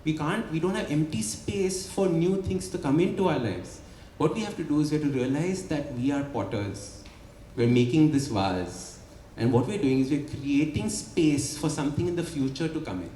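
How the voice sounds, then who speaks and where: A man's voice: fairly high pitch, lively intonation, normal speed, dark tone, a little hiss or hum. A man, an author and habit coach, explaining his ideas at a book launch and asking rhetorical "right?" questions. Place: event hall before an audience. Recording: echoey hall with light ambience.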